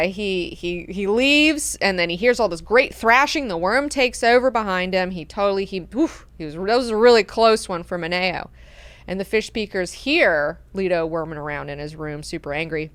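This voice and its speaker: Chatty woman with a smooth dry voice. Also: lowish voice, no room sound. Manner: animated, profane, chatty. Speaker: book club host. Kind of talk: casual book recap.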